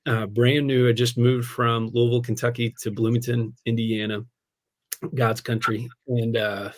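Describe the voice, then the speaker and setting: A man, a pastor, telling a personal story in a casual podcast conversation, animated, laughing often and tossing in "man" and "dude". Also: mid-range voice, normal speed.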